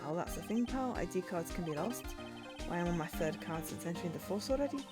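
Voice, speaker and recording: A woman voicing a gruff, good-natured male police detective in a put-on Scottish accent, reading game dialogue aloud on stream. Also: on the low side, animated, fast talker, over loud music, lightly acted. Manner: blustering, calls people pal.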